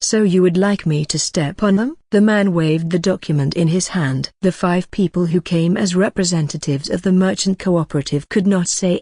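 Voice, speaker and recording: Dry, even audiobook narration. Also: medium pitch, no room sound. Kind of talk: scripted narration.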